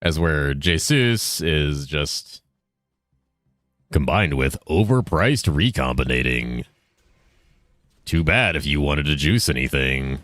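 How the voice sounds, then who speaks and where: A man streaming games and chatting casually with his viewers, with dry, fairly monotone banter. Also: a bass voice, takes it slowly, pauses often, no echo. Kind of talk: casual chat while gaming.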